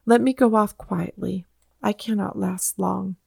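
A woman voicing a dying elderly man who speaks calmly and with resignation, in a quiet, steady read-aloud manner. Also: medium pitch, a little slow, creaky, slightly rough, no room sound, clean studio sound, heavily acted. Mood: resigned.

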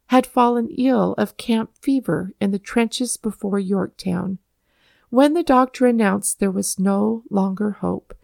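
Woman reading a story, gravelly voice. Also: medium pitch, no echo. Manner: calm, measured storytelling. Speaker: narrator.

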